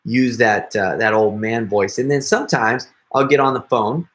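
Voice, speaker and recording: A man's voice: mid-range voice, normal speed, a bit bright. A middle-aged man chatting casually with viewers on a live stream, joking and laughing often. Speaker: prank video creator hosting a live stream.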